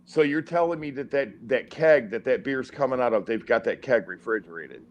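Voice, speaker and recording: A man's voice: mid-range voice, expressive, brisk, lo-fi sound. A man on a casual stream, teasing and provoking his friends and laughing at his own jokes. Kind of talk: casual banter.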